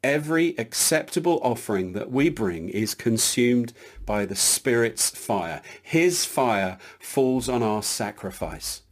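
A man's voice: animated, slow. A male preacher with a mid-range voice delivers his sermon earnestly. He stresses his points with rising emphasis. He stumbles now and then as he reads scripture aloud. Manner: earnest, emphatic, builds in lifts of pitch.

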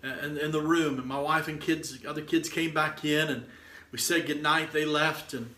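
A man's voice: on the high side, fairly even intonation, normal speed, pushed and bright, roomy sound. A middle-aged man preaching and telling a testimony in a fervent, exhorting way, often stringing words together with repeated "and"s. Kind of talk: sermon storytelling.

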